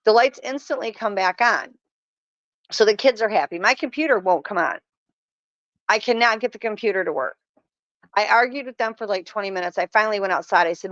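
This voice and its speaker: A woman's voice: mid-range voice, brisk, a bit bright, no echo. A middle-aged woman guest telling stories in a casual chat, earnest and emphatic. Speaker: podcast guest. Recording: dull lo-fi sound.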